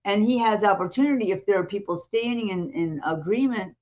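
A woman co-hosting a talk show, retelling a testimony in a lively way and acting out the voices in it. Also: mid-range voice, fairly quick, highs cut off. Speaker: co-host. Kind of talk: animated testimony storytelling.

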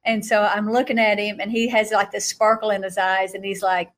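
A woman guest speaker recounting a vision in animated storytelling, acting out quotes and laughing often. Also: mid-range voice, brisk.

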